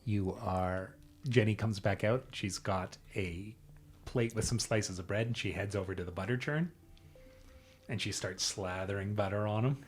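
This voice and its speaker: A man narrating a tabletop game as game master, in a relaxed storytelling way. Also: fairly low pitch, normal speed, soft background music.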